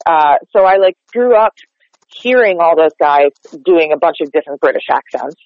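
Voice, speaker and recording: A woman's voice: sits low, expressive, normal speed, no room sound. A woman from North Texas, a dialect coach, chatting in a casual interview with lots of "like" fillers. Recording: dull lo-fi sound, dry.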